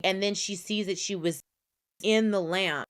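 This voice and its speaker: A woman's voice: mid-range voice, a little slow. A woman co-hosting a podcast, casually recapping a drama episode and reacting to her co-host.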